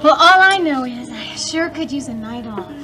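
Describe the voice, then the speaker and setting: Shy young waitress. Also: female voice, high-pitched, animated, normal speed, over music. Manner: hesitant, modest. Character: shy young woman, Elena, working summer job. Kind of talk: 1980s TV soap opera acting.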